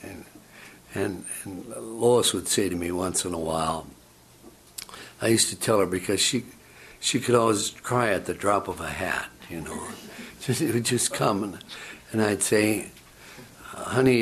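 A man's voice: on the low side, measured pace, slight background noise. An older man preaching a sermon, talking in a conversational, storytelling way that often stops and repeats words. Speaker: pastor.

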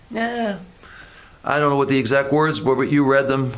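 A man's voice: fairly high pitch, very animated, moderate pace, a bit bright. A man preaching a sermon in a conversational way, with joking asides and acted-out bits of dialogue.

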